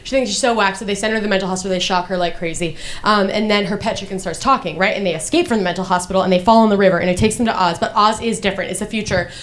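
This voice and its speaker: A woman's voice: mid-range voice, rapid-fire, hardly any pauses. A young woman performing a stand-up monologue, rambling and profane, full of "like" fillers and restarts, darkly mocking herself. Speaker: comedian.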